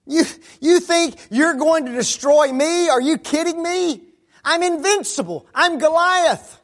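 A man preacher voicing a boastful giant warrior, with high, mocking disbelief. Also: measured pace, a bit bright, full character voice. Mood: scornful.

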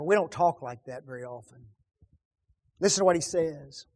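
A man preaching on a psalm, firing rhetorical questions and repeating key words, often dropping his voice to a hush. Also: medium pitch, normal speed, vocal fry. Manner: rhetorical questions, dramatic drops to hushed tones. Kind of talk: sermon on a psalm.

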